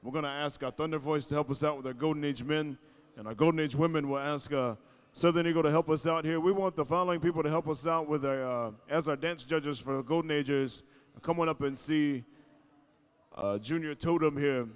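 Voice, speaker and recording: Man, arena announcer, smooth resonant voice, joking, easygoing, PA microphone. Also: fairly high pitch, steady tone, fairly quick. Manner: joking, easygoing, calls out names. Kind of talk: live event announcing.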